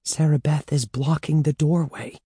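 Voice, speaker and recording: A man's voice: steady tone, moderate pace, dark tone, breathy edge, dry recording, clean studio sound. A man doing a frantic young girl. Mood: scared. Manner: high, frantic and crying out.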